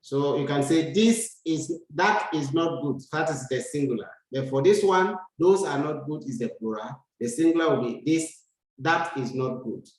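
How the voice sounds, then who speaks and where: A male teacher giving a grammar lesson, reading example sentences slowly and repeating them for learners. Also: on the high side. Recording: echoey room.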